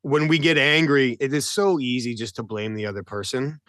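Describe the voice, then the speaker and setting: A man's voice: medium pitch, fairly even intonation, normal speed, a bit bright, dry recording, clean studio sound. A man hosting a podcast, thoughtful and appreciative as he leads into his next question. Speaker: podcast host. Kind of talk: conversational interview.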